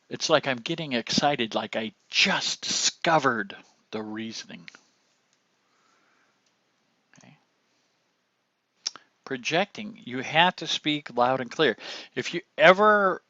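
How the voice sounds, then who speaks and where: Older male teacher, slow explanatory delivery, bright tone, dull lo-fi sound. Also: mid-range voice, dry recording. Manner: slow, explanatory, acts out lines to demonstrate delivery. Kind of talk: classroom lecture on acting.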